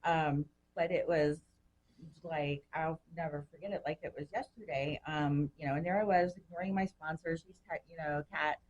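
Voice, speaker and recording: A woman guest on a recovery podcast, telling her story in a chatty, animated way and acting out the voices of people she quotes. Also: low-pitched, moderate pace, dull audio, slight background noise. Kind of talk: personal storytelling.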